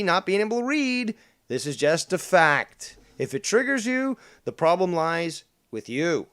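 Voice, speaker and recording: Canadian guy hosting a shouty panel, smug and sweary, lectures everyone. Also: a little high. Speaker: show host. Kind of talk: heated panel argument.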